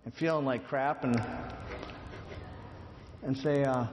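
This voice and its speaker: A man's voice: medium pitch, fairly even intonation, takes it slowly, noisy background. Conversational man preaching in a reverberant hall. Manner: conversational, repeats words, acts out quotes. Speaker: speaker on addiction and grace. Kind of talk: sermon with storytelling.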